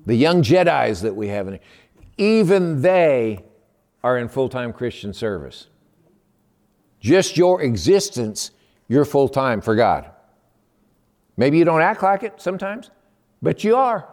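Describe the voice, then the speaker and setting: A man preaching a sermon as pastor, telling stories with lively acted-out voices. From Texas. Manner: animated storyteller, acts out a phone call in a high excited voice. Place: church sanctuary. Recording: long hall reverb.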